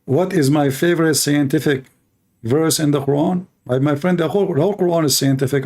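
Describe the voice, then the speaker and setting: A man with a slightly high voice and a sarcastic, mocking delivery. His English is broken and he restarts sentences often. He is hosting a polemical talk. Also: fast, a little mellow. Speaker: host.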